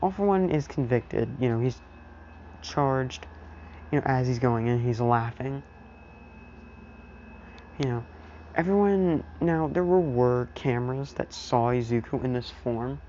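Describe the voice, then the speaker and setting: A man casually narrating an improvised fan story, rambling and filling every pause with "you know". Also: medium pitch, mellow, muffled recording, a little hiss or hum.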